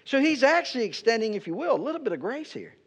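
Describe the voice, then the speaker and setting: Captured on a dull, lo-fi recording, a male pastor delivers a conversational teaching sermon, repeatedly checking in with "right?". His voice is extremely high and slightly rough, and he talks fast with a very animated delivery.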